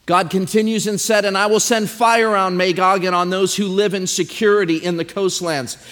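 A man's voice: high voice, steady tone, normal speed, fairly bright tone. A man preaching a sermon and reading scripture aloud, emphatic and drawn out, with repeated phrases for stress. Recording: long hall reverb.

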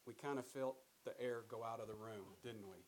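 A man's voice: mid-range voice, steady tone, a little fast, poor audio. Casual male Bible teacher, mid-range voice, restarts and questions to the room, faint tape hiss. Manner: conversational, repeats words, asks the group questions. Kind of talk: sermon-style Bible teaching.

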